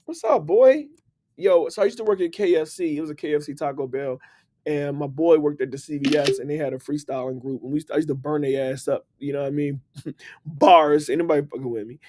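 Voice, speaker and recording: A man hosting a casual motivational live stream, upbeat and slangy, giving shout-outs to his viewers. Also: on the high side, brisk. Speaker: livestream host. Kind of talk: casual motivational livestream talk.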